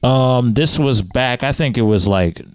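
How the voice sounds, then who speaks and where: A man hosting a casual podcast conversation, leading with questions and pitching up when he presses a point. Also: a little slow, darkish tone, smooth, no room sound. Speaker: podcast host.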